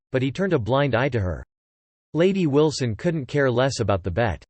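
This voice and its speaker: A man narrating an audiobook in an even, steady reading voice. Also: mid-range voice, no room sound.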